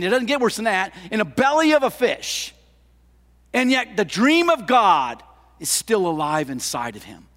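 An older man preaching a sermon as pastor, impassioned, with rhetorical questions, swinging between loud lines and hushed ones. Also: sits high. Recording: long hall reverb.

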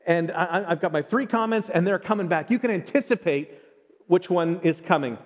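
A man giving a sermon in an animated way, often acting out short everyday exchanges. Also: sits high, brisk. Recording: long reverb.

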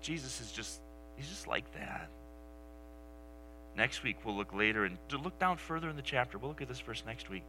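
A male pastor preaching a sermon, telling the story with animation and dropping to soft, near-whispered lines for emphasis. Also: mid-range voice, expressive, normal speed, over music, poor audio.

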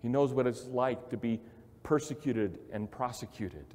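A male pastor preaching a sermon in an emphatic, repetitive way, swinging from quiet to loud. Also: medium pitch, moderate pace. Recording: long hall reverb.

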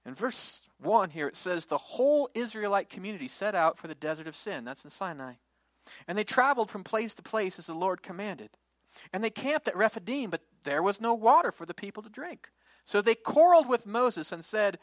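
A man preaching a lively sermon, retelling a Bible story and acting out its characters in quick voices. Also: sits high, no echo. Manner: animated, acts out the people and God in quick voices.

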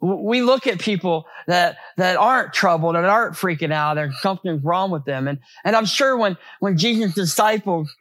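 A man's voice: sits high, lively intonation, normal speed, a bit bright, dry recording. A man preaching a sermon as pastor, in a conversational way with many rhetorical questions and repeated words.

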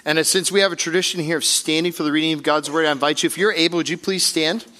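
A man preaching a sermon as pastor at a church service, in an energetic, joking, conversational way. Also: on the high side, rapid-fire.

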